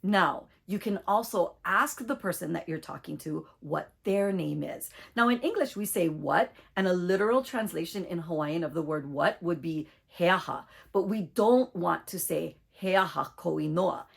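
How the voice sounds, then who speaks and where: A woman teaching a short online language lesson, speaking clearly and deliberately as she leads repeat-after-me drills. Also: on the low side, animated.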